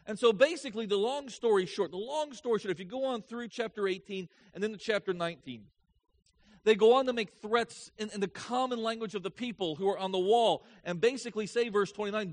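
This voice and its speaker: A man preaching an expository sermon, explaining a passage verse by verse with lively emphasis and frequent repetition. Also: high voice, brisk.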